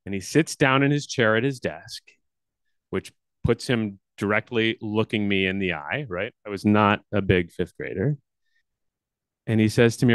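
Animated male storyteller, dry sound. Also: normal speed, pauses often, clean tone, no echo. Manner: animated storyteller with big swings in pitch and loudness. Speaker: workshop leader. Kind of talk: personal storytelling talk.

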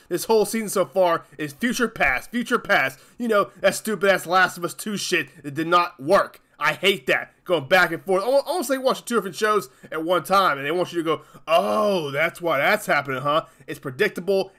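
A man with a high, bright voice rants as the host of his own channel. He swears constantly and hammers each point with exasperated emphasis. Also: lively intonation, a little fast, few pauses. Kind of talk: angry ranting commentary.

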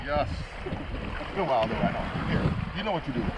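A man's voice: a little high, huge pitch swings, moderate pace, gravelly. A man outdoors on a boat at sea, giving direct instructions as a tour guide. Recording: muffled outdoor audio with loud wind noise.

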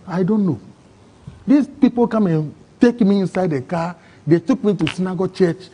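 A man with a Ghanaian English accent, telling his own story in an interview, excitable and acting out other people's words. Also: sits high, normal speed, husky. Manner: excitable, acts out quoted voices, broken phrasing. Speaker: interview guest. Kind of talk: emotional personal storytelling.

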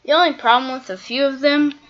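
A woman's voice: sits high, fairly even intonation, fairly quick, fairly bright tone. A woman giving casual gameplay commentary, chatting and thinking aloud as she plays, often trailing off mid-thought. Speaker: gaming video creator. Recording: dull lo-fi mic.

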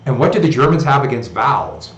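A man's voice: mid-range voice, big pitch swings, quick pace, fairly bright tone, dull audio. A man with an American accent, a history teacher giving a classroom lecture in a conversational, digressive way with joking asides. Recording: roomy echo.

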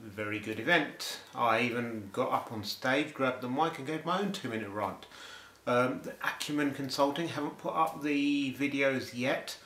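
A man's voice: mid-range voice, normal speed, fairly bright tone. A man with a playful, jokey manner, talking casually in a video blog. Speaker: vlogger. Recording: roomy echo.

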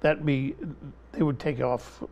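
A man's voice: mid-range voice, fairly even intonation, slow pace, over a noisy crowd. A man speaking as an interview guest, giving impassioned political commentary in an emphatic style, pressing the same point again and again and talking over interruptions.

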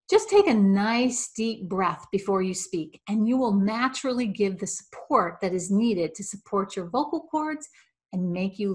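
Woman speech coach with crisp diction. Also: mid-range voice, fairly bright tone. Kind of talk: instructional video.

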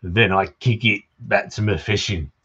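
A man's voice: low voice, fast talker, fairly bright tone, husky, lo-fi sound. A man voicing a drunk, grumbling old male fisherman in a video game, with a folksy pirate-ish drawl.

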